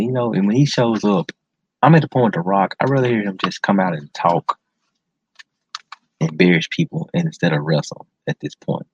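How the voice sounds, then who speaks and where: A man's voice: lowish voice, gravelly, husky, no echo. Hyped man on a lo-fi podcast mic. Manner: enthusiastic, slangy, repeats words for emphasis. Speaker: podcast host. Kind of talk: casual solo podcast commentary. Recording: dull lo-fi sound, dry close mic.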